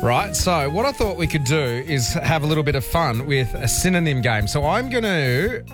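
A man's voice: on the high side, big pitch swings, moderate pace, over music. Chatty male radio host. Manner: chatty, joking, loose with fillers. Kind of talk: casual breakfast radio chat.

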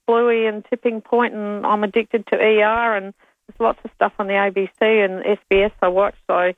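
A woman's voice: mid-range voice, little pitch movement, normal speed, no room sound. An older woman with an Australian accent calls in to a radio show, chatting in a rambling way with many ums. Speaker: caller. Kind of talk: casual chat. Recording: phone line.

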